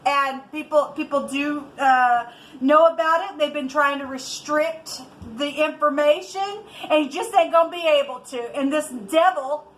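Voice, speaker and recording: A woman's voice: high-pitched, unhurried, poor audio. A woman doing a spiritual tarot reading for her viewers, angry and ranting in a heated, indignant way. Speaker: tarot reader.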